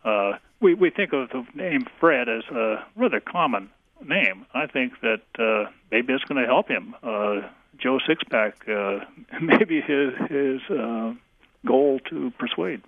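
A man who is an English professor, answering questions on a radio call-in show, halting with many fillers. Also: medium pitch, animated, no room sound. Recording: tinny phone line.

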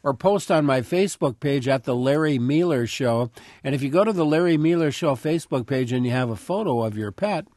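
A male public radio host runs a call-in show, reading out numbers and welcoming callers in an announcer's manner. His voice is a touch high. The studio sound is dry and close. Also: lively intonation, a little mellow, dry recording. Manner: friendly announcer reads, quick plugs.

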